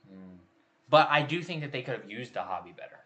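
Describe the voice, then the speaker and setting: A man's voice: mid-range voice, expressive, brisk, sharp tone. A man hosting his channel, judging contest photos in a casual chat and thinking aloud with hesitant restarts.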